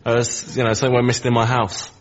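A man in a comedy audience giving a hesitant, halting answer to the comedian. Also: medium pitch, little pitch movement. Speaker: audience member. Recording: dull live radio recording.

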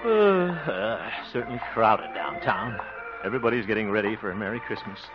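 A man's voice: on the low side, animated, fairly quick, over music, lightly acted. An actor playing a vain, blustering small-town man who sputters and grumbles when he is crossed, in 1940s radio acting. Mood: grumbling. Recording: muffled old radio recording with hiss.

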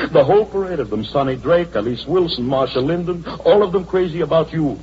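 An actor playing a brash middle-aged film studio boss in an old radio drama, blustering and wheedling, on a dull humming recording. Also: male voice, a little high, animated, slight background noise, close to an everyday voice. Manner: blustering, wheedling, quick to laugh.

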